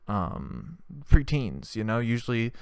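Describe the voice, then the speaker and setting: A man's voice: mid-range voice, big pitch swings, slow pace, darkish tone, clear, resonant tone, no room sound, studio quality. A man hosting a comedy podcast, telling a crude, rambling comic story. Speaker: podcast host. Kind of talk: comedic monologue.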